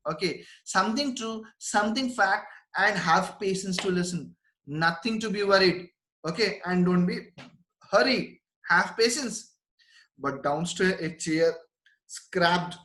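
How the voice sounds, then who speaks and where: A male teacher works through a prose text line by line, reading each phrase and then restating it in simple words. His voice sits a little high for a man, and the recording has a roomy echo. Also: a little slow, bright, forceful tone. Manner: reads a line, then paraphrases it simply and repeats it. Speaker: English teacher. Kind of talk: line-by-line literature lecture. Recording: echoey room.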